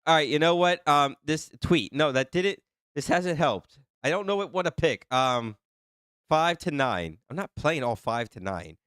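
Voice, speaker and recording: A man hosting a livestream in casual, excitable chat. His voice sits a little high, and he sounds flustered as he teases the viewers. The sound is dry and close, with no room echo. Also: measured pace, smooth. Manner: flustered and excitable, laughing often, teasing viewers. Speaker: livestream host reading chat. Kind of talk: casual live-stream chat.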